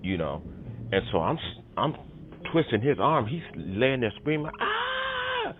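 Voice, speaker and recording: A man's voice: on the low side, very animated, moderate pace, a little hiss or hum. A man telling a personal story in casual conversation, rambling with many fillers and punchy sound effects. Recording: tinny phone-line audio with music behind.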